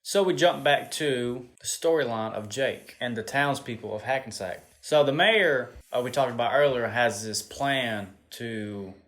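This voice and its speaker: A man's voice: mid-range voice, measured pace, few pauses, fairly bright tone. A man co-hosting a casual review chat, mostly adding short agreeing replies and offhand remarks with some swearing. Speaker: co-host reviewing a TV episode.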